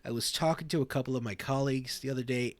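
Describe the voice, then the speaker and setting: A man's voice: medium pitch, fast, no room sound. A man co-hosting a role-played talk show, joking around, repeating himself and giggling.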